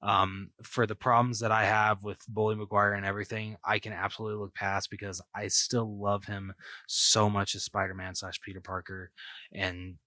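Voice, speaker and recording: A man's voice: fairly low pitch, little pitch movement, normal speed, sharp tone, dry recording. A man co-hosting a podcast, talking casually about movies and rambling with lots of fillers and restarts. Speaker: podcast co-host.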